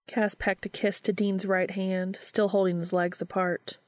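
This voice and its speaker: A woman narrating a story in a steady, even-paced reading. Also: mid-range voice, unhurried, no room sound. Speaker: audiobook reader.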